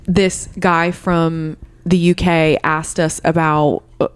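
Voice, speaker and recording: A young woman on a podcast with a somewhat low voice, animated and emphatic as she reacts to her co-host. The sound is dry and close, with no room echo. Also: slow pace, smooth. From Florida, USA. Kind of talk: casual chat.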